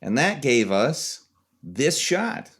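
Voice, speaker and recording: A man's voice: mid-range voice, slow. A young man giving a casual tutorial walkthrough, chatty and jokey. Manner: animated, jokey, chatty explaining. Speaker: video creator.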